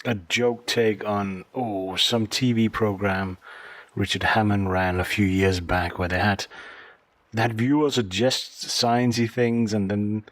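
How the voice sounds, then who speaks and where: A man's voice: fairly low pitch, dry recording. Dry-humored man co-hosting a podcast. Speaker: podcast co-host. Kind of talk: casual podcast chat.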